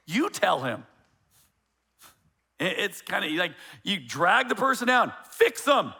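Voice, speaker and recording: A male pastor preaching a sermon in a conversational, joking way, with quick asides and frequent restarts. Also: high voice, sing-song, vocal fry, bright, forceful tone, husky.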